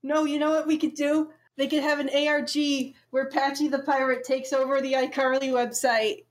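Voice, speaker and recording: Young woman, high-pitched, enthusiastic, gushing, casual podcast banter. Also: little pitch movement, moderate pace. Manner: enthusiastic, gushing about shows. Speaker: podcast co-host. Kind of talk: casual chat.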